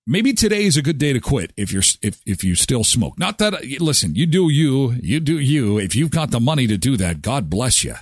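A middle-aged man hosting a casual chat show, joking and animated. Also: medium pitch, moderate pace, hardly any pauses, slightly rough, no echo, clean studio sound. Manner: joking, animated, slips into silly voices. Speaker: talk show host.

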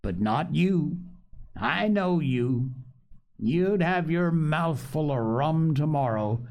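A man's voice: a little high, animated, takes it slowly, darkish tone, pitched above the performer's own voice. A man voicing a sly, scornful old pirate cook who talks in a growling pirate dialect. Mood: lecturing.

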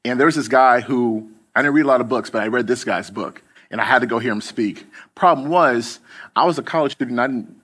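A man preaching in a relaxed, conversational way, telling a story from the pulpit. He talks loosely, full of fillers and restarts, at an ordinary pitch. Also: fairly quick. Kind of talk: casual storytelling sermon.

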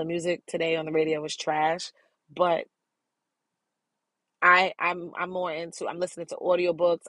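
A middle-aged woman talks through her self-care podcast in a relaxed, candid way. Her voice sits low, and she laughs easily between thoughts. The recording is close and dry, with no room sound around her. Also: no echo. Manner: candid, chatty, laughs often. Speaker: podcast host.

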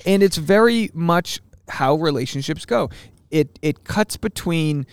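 A man in his thirties hosts a relaxed podcast conversation, with a gravelly edge to his slightly raised voice. He keeps tossing in jokey asides and laughs easily. The sound is dry and close, with no room around it. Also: on the high side, measured pace, no echo. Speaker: podcast host. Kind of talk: casual podcast chat.

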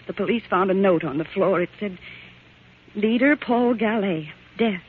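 A woman's voice: medium pitch, normal speed, natural voice. An actress in a 1940s radio drama playing a young woman whose uncle was murdered, with an anxious, pleading delivery that comes close to tears. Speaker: niece of a murder victim. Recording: tinny old radio broadcast, faint hiss.

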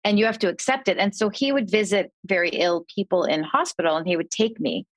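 A middle-aged woman speaks as a podcast guest, spinning a personal story with lively quoted voices. Her pitch sits in a middle range. The recording is dry and close, with no room sound. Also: fairly quick, no room sound. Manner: animated storyteller, voices quoted family members. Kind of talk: conversational storytelling.

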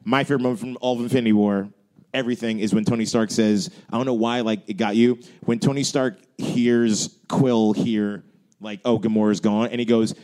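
A man's voice: lowish voice, fairly quick. A man co-hosting a casual movie podcast, telling stories and acting out quotes in little voices. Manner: animated storyteller, acts out quotes in voices. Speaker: podcast co-host.

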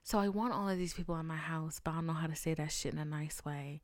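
Speaking up close to her podcast mic in a dry recording with no room sound, a woman tells stories solo in a low voice at a quick pace. She swings dramatically between hushed whispers and loud, exasperated outbursts, swearing a lot along the way.

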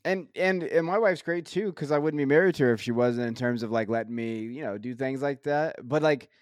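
A man's voice: mid-range voice, brisk, no echo, studio quality. A man in his thirties co-hosting a podcast, venting in a weary, stressed way with lots of filler words. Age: 30s. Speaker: podcast co-host. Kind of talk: casual chat.

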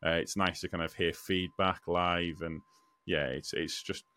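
A man's voice: sits low, level tone, a little slow, pushed and bright, clear, resonant tone. A man co-hosting a podcast in upbeat, chatty talk. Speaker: podcast host. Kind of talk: casual chat.

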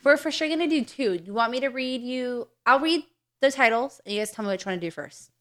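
High, bright-voiced woman host. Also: expressive, fairly quick. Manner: steers the talk, reads story titles. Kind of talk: casual chat.

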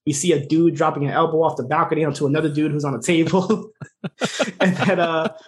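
Brief: quick, fairly high-voiced male podcast co-host, animated casual recap. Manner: quick, animated retelling with fillers and laughs. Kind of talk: casual chat.

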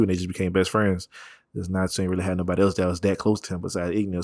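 Deep-voiced man, loose slangy chat. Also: flat delivery, a little mellow, no room sound, clean studio sound. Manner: loose, rambling, profane slang, quick laughs. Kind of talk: casual chat.

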